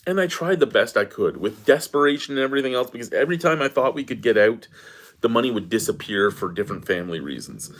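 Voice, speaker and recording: This beer review vlogger, a middle-aged man, rants angrily about personal matters, swearing in exasperation. He speaks fast at medium pitch, with lively intonation and a slightly bright sound.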